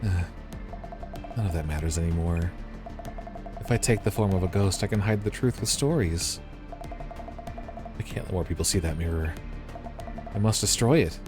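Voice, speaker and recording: A man voicing a scheming young woman who hides behind a ghost story, speaking low and menacingly. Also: moderate pace, pauses often, music in the background, lightly acted.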